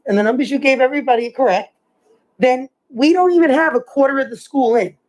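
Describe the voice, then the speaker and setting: A woman's voice: sits high, poor audio. A woman board member pressing questions in a meeting discussion, cutting in to get answers.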